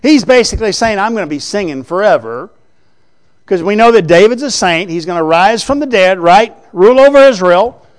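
A man's voice: high-pitched, expressive, fairly quick, smooth. A man preaching a Bible teaching sermon in a conversational way, often checking in with the listeners through rhetorical questions. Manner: writes on a board while teaching.

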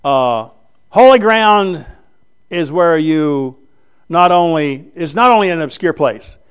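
A man preaching a sermon as pastor, swinging from loud emphatic preaching to hushed, earnest tones and quoting scripture in old-fashioned phrasing. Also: a little high, expressive, slow pace, clean tone.

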